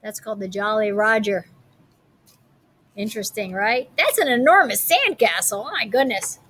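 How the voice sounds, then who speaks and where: A woman's voice: medium pitch, lively intonation, moderate pace, fairly bright tone, slightly rough. A woman teacher reading a picture book aloud to children, with friendly, chatty asides.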